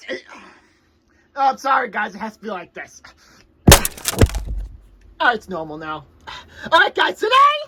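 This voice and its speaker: A woman's voice: extremely high pitch, noisy background, exaggerated voice. A woman voicing a shrieky, childish comedy character who whines and panics about snacks and gadgets. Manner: screeching, whiny, panicky outbursts.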